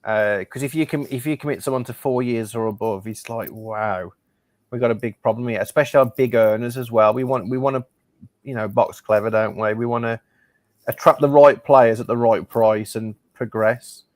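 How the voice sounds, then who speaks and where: A man's voice: mid-range voice, moderate pace, no room sound. A man hosting a football phone-in, upbeat and opinionated. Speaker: phone-in host. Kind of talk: casual chat.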